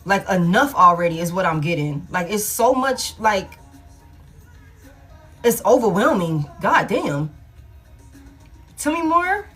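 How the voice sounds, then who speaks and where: A woman's voice: lowish voice, animated, unhurried, fairly bright tone, faint music behind. Blunt, profane woman doing a tarot reading. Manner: casual, blunt and profane, thinking aloud. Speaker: tarot reader. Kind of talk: collective love tarot reading.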